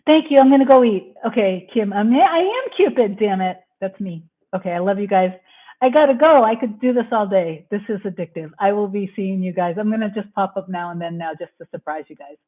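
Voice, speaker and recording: A woman's voice: medium pitch, expressive, fairly quick. A woman coaching on a casual live-stream Q&A, talking in a rambling, effusive and heartfelt way. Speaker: manifestation coach. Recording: tinny phone-like audio.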